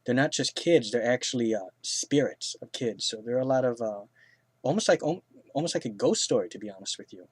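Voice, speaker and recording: A man's voice: medium pitch, animated, brisk, slightly rough, no echo. A man reviewing films in casual, rambling speech, full of fillers, restarts and blunt crude remarks. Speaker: film reviewer. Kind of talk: casual spoken film review.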